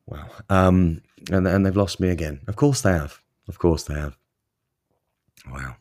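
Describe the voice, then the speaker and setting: Low-voiced guy doing a solo podcast, loses his thread and laughs at himself, upbeat encouraging chat. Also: measured pace, a little mellow. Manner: rambling, self-deprecating, encouraging. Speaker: podcast host. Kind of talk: solo motivational podcast talk.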